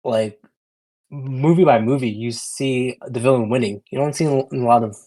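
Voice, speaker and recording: A man's voice: mid-range voice, moderate pace, warm tone. Podcast guy, kinda hesitant, lots of uhs, chill horror movie chat. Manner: hesitant, lots of fillers and restarts. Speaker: podcast co-host. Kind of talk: casual movie-review chat.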